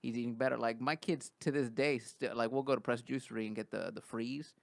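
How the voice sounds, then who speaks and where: A man's voice: mid-range voice, a little fast, vocal fry, dry recording. A middle-aged man, a comedian guest on a podcast, chatting casually in a rambling way full of fillers. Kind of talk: casual chat. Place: podcast studio.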